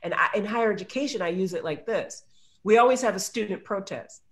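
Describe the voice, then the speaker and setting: A woman's voice: medium pitch, a little fast. A woman speaking as a guest on a webinar, telling stories emphatically over a video call. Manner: emphatic, storytelling with asides. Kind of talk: webinar talk. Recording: video call audio, drops out.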